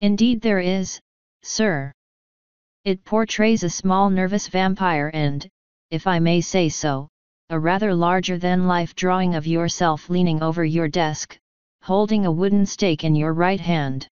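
A woman's voice: on the low side, measured pace, darkish tone, clear, resonant tone, dry recording, highs cut off, lightly acted. A woman reading an audiobook, voicing a formal, unflappable male butler who politely says sir. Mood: deadpan. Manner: deferential, ends lines with sir.

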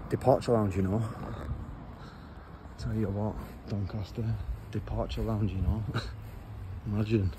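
A man whose voice sits on the low side speaks a little slowly with fairly even intonation, chatting bluntly in slang. He records a casual vlog on a handheld phone while walking along a road, with traffic noise in the recording.

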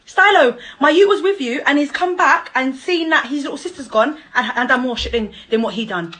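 A woman's voice: sits high, fairly quick, poor audio. Mocking woman on a live rant. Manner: confrontational and mocking, swears, bursts into loud laughter. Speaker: mother calling out her child's father. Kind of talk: angry live-stream rant.

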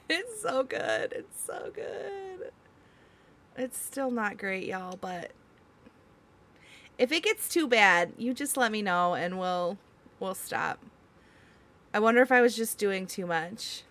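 A woman's voice: mid-range voice, lively intonation, slow pace, long pauses, fairly bright tone. A young woman streamer, reading chat aloud and giggling in casual talk.

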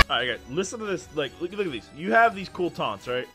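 A fairly high-voiced man calls his own gameplay with excitable energy, yelling and laughing at the plays. His tone is bright and sharp, with pitch that leaps all over the place. Faint game music plays underneath. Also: a little fast, few pauses. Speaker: gaming channel host.

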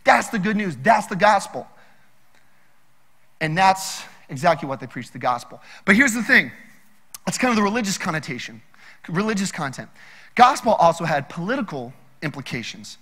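A young man with a high, bright voice preaches a sermon in a hall where his words ring on. He tells his stories with energy and plays out quotes from the people in them. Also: a little fast. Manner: animated storytelling with acted-out quotes. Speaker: pastor.

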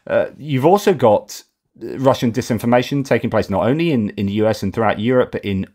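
A man's voice: mid-range voice, lively intonation, brisk, darkish tone. A man with an English accent hosting a news update, reading from reports and commenting off the cuff, stumbling over names and filling gaps with "uh". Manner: hesitant, with frequent fillers and restarts over names. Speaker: host of a daily news update show.

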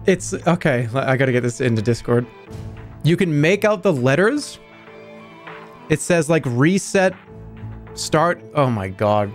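A man in his thirties streaming games live, talking to his chat in an excitable, exasperated way, swearing and breaking into high-pitched outbursts. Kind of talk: live game stream commentary.

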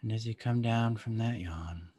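Guy with a low husky voice leading a body-awareness meditation, slow and soft. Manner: slow, calm, soft-spoken instructions with long pauses. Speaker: somatic practice guide. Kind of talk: guided somatic meditation.

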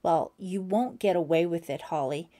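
A woman's voice: on the low side, normal speed, dark tone, close to an everyday voice. A woman voicing a jealous teenage girl who hisses her threats in fury. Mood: furious. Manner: hissing, threatening.

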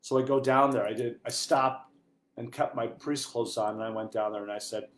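A man preaching as a priest, earnest and heartfelt, his voice dropping low and then rising to loud emphasis. The room around him rings with a roomy echo, and his pitch sits in an ordinary middle range. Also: fairly even intonation, moderate pace. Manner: earnest, wide swings from hushed to loud. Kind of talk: sermon. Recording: echoey room.

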